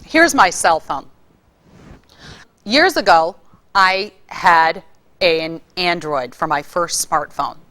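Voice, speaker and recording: Lively woman teaching vocal delivery. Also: lowish voice, slow, long pauses. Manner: lively, demonstrates vocal delivery with varied emphasis. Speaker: public speaking instructor. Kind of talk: casual spoken lesson.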